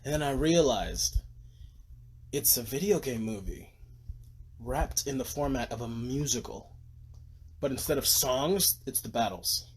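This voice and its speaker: A tired man rambling excitedly about his movie collection on a casual livestream, gushing and swearing, sometimes dropping to a whisper. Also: a little slow, pauses often, slightly rough. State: tired from little sleep. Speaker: vlogger. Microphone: phone camera. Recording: faint background noise, low-quality phone livestream.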